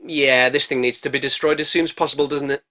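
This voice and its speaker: A man's voice: medium pitch, fairly even intonation, fast, noisy background. A man narrating a comedic movie recap in a sarcastic, jokey, slangy way. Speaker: movie reviewer.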